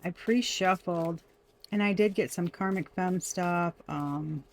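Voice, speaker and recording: A woman doing a casual tarot reading for viewers, chatty and quick to laugh. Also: lowish voice. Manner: chatty, laughing often, addresses viewers as y'all. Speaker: tarot reader.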